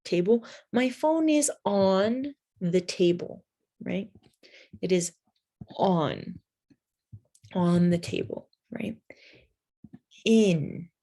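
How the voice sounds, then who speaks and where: A woman's voice: medium pitch, expressive, drawn-out words, pauses often, warm tone. A woman teaching an English vocabulary lesson, patiently spelling words out letter by letter and checking in with "right?".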